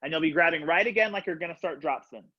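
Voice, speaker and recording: A young man teaching a color guard class over a video call from his home, upbeat and casual, counting out loud and coaching students by name. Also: on the high side, fast talker. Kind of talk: live online class instruction. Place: home room, on the floor. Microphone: laptop webcam on a video call. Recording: dull lo-fi video call audio.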